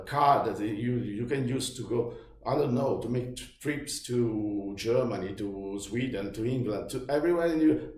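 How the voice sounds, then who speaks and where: A man in his fifties with an Italian accent, a native Italian speaker, venting in a halting, agitated personal monologue full of restarts. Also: medium pitch. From Italy. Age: 50s. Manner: agitated, halting, many restarts, rising to shouts. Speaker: vlogger. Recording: roomy echo.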